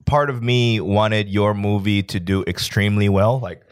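Joking man in his forties, low voice. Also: steady tone, normal speed, smooth, dry recording, studio quality. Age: 40s. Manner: joking, crude, self-mocking. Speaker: podcast co-host. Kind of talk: casual chat.

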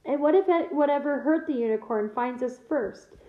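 A woman's voice: high-pitched, very animated, unhurried, pitched above the performer's own voice. Woman doing a whiny, spoiled schoolboy. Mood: panicky whine. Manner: whining, haughty. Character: spoiled proud schoolboy, scared and whining. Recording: echoey room over a thin phone-like line.

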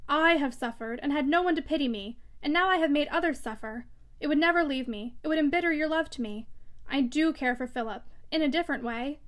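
An anguished young woman pleading with earnest feeling in a classic novel read aloud, voiced by a woman narrator. Her voice rides high and trembles with urgency. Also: close to an everyday voice. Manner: earnest, pleading, emotional delivery.

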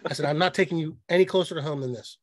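A man's voice: on the high side, rapid-fire, dry recording. A man co-hosting a podcast, telling a rambling, profane story in casual chat. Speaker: podcast co-host.

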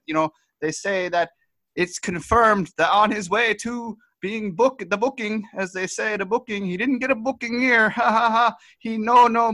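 A man's voice: sits high, sharp tone, no room sound, pitched above the performer's own voice. A man playing a rambling correspondent. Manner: rambling, repeats "as they say", laughs at own jokes. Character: rambling, goofy Canadian male news correspondent. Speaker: comic correspondent. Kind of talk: comedic improvised character bit.

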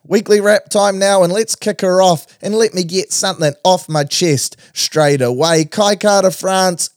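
A man hosting a sports podcast, talking in a blokey, energetic, slangy way. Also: high-pitched, measured pace, no echo, clean studio sound. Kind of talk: casual chat and sports commentary.

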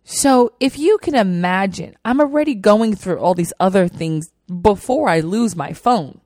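A young woman telling a personal story in a chatty, animated way, full of fillers. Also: medium pitch, a little slow, no echo, studio quality. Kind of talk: casual storytelling.

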